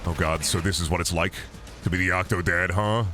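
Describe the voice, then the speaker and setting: A man's voice: sits low, fairly even intonation, fairly quick, bright, forceful tone, faint music behind. A man streaming a game, rambling and joking crudely with lots of swearing. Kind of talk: casual gaming stream chatter.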